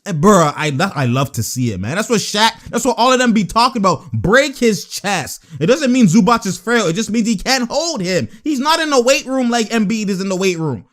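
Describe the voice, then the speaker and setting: A man hosting a live reaction commentary on basketball footage, excitable and casual with lots of slang, laughing often and yelling at referee calls. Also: high-pitched, fairly quick, hardly any pauses. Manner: casual slang-heavy talk. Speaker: sports reaction video host.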